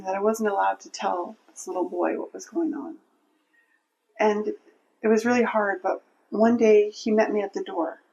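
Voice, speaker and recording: A woman's voice: medium pitch, darkish tone, poor audio. A woman telling a personal faith story in an interview, earnest and heartfelt, often restarting her sentences. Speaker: interview guest.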